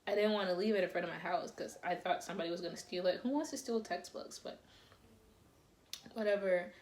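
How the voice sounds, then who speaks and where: A young woman telling a casual storytime to camera, animated and dramatic, often breaking into laughter. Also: lowish voice, fairly quick, a little hiss or hum.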